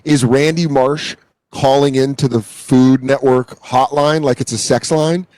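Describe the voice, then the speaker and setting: A man co-hosting a comedy podcast, telling stories in an animated way and acting out quotes. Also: mid-range voice, a little slow, dry recording. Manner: animated storyteller, acts out quotes in voices. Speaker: podcast co-host. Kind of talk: casual comedy podcast chat.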